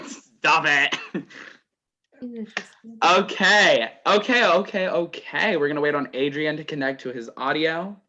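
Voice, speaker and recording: Bright-voiced chatty male game host. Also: on the high side, slow pace, long pauses, rough recording. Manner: loose, chatty, laughs between announcements. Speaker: host of an online competition game. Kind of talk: hosting over group voice chat.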